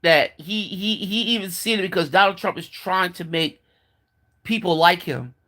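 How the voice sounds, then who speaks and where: Guy ranting casually, cusses a lot, kinda high bright voice, lots of likes and uhs. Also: moderate pace. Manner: blunt, profane and mocking, with frequent fillers. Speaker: commentator. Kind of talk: casual opinion monologue.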